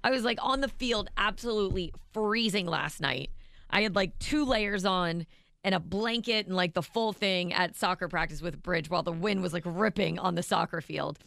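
A middle-aged woman co-hosting a morning radio show, telling stories in an animated way and laughing often. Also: fairly low pitch, moderate pace, gravelly, no room sound, studio quality. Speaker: radio co-host. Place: radio studio. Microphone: studio mic.

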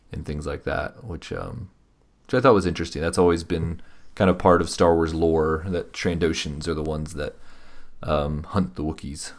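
A man co-hosting a casual podcast about comics, rambling with many fillers and restarts. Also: deep voice. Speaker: podcast co-host. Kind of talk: casual comic book review chat.

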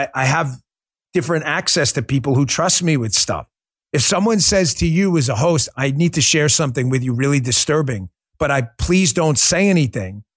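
A man hosts a political talk show in a mid-range voice, speaking bluntly and earnestly. He swears freely. The sound is dry, with no room echo. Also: medium pitch. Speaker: podcast host.

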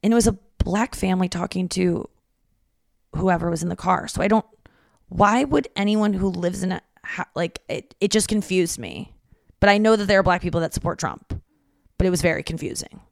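A woman's voice: lowish voice, moderate pace, vocal fry, no room sound, studio quality. Rambling, swearing woman podcast host. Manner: rambling, profane storytelling with many fillers. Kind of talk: casual solo comedy podcast monologue.

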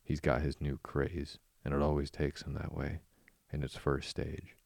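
A man's voice: rumbling low, monotone, unhurried, vocal fry, dry recording, exaggerated voice. A man voicing a sensible, exasperated male water rat who speaks firmly and sharply. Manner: firm and sharp.

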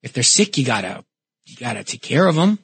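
A middle-aged man with a New York accent hosting a talk radio call-in show, arguing his points forcefully. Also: mid-range voice, very animated, brisk, creaky, slightly rough, no room sound. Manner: forceful, argumentative explaining.

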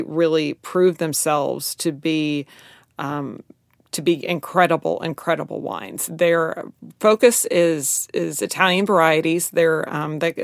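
A woman co-hosting a casual chat, explaining wines with animation and letting her phrases trail off softly. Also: deep voice, dry recording, studio quality. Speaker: co-host, wine expert. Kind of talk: casual chat about wine.

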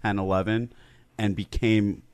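A man's voice: fairly low pitch, flat delivery, a little slow, a little mellow, clean tone, no room sound. A man co-hosting a casual comedy chat, throwing in sarcastic quips.

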